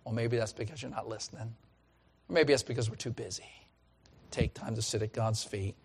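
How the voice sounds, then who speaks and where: A middle-aged man preaching a sermon as pastor, swinging from loud calls to hushed lines. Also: fairly low pitch, steady tone, normal speed, vocal fry, slightly rough.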